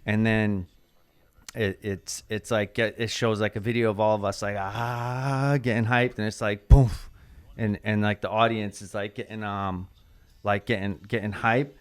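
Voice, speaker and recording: Low-voiced man telling a story. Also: steady tone, measured pace, smooth. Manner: rambling, full of "like" and swearing. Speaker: dancer. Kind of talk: casual podcast storytelling.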